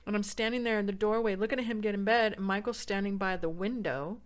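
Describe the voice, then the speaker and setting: A San Diego woman appearing as a podcast guest tells a personal story, performing the quoted voices with big swings in pitch and volume. Her overall intonation stays fairly even, and she talks fast.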